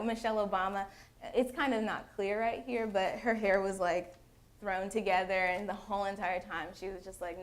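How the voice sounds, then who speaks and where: A young woman concluding a student conference presentation, talking hesitantly with many fillers. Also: mid-range voice.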